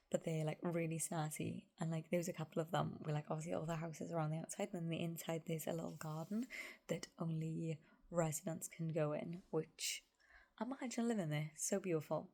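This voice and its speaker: A woman in her thirties chatting casually to camera as a vlogger, rambling with lots of asides and often slipping into a soft whisper. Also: fairly low pitch. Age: 30s. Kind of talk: casual vlog chat to camera.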